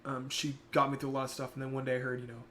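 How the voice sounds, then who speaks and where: Young guy on a stream chatting, soft and thoughtful, bit of faint noise behind. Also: mid-range voice, monotone, rapid-fire. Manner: reflective, soft-spoken when emotional. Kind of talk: casual chat.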